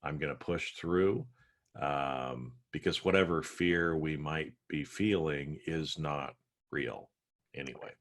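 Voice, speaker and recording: This man co-hosts a casual podcast and talks in a calm, reassuring way. He fills his speech with "you know" and "um". His voice is exceptionally deep. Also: slow. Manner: reassuring, reflective, filler-heavy. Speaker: podcast co-host. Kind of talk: casual chat.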